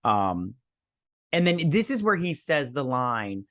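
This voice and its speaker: A man's voice: medium pitch, big pitch swings, slow pace, fairly bright tone, no echo, studio quality. Scornful ranting man reviewer. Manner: blunt, scornful ranting with swearing; frequent restarts and filler stammers. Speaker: show host. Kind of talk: casual video review.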